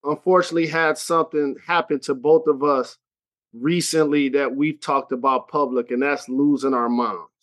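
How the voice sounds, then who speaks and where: A man's voice: medium pitch, fairly even intonation, normal speed, a bit bright. A man hosting a podcast, asking questions in an earnest, supportive way. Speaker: podcast host. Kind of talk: interview questions.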